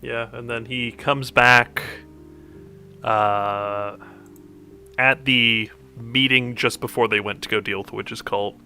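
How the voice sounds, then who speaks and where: Young male co-host with a bright, forward voice, easygoing chat, faint music behind. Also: medium pitch, slow. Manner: relaxed, laughs easily, fillers. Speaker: podcast co-host. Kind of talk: casual anime podcast chat.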